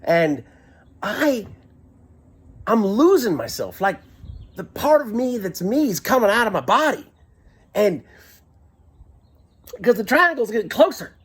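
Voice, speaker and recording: A man telling a comic personal story into a handheld camera, excitable and prone to giggling, shouting when he quotes himself. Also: high-pitched, unhurried, long pauses, husky.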